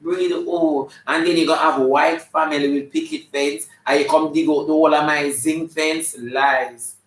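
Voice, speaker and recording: A high-pitched Jamaican man riffs through live comedy banter, sassy and flamboyant, scolding his audience like a preacher. His voice rings around an echoey room. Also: fairly even intonation, moderate pace, fairly bright tone. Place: live show venue.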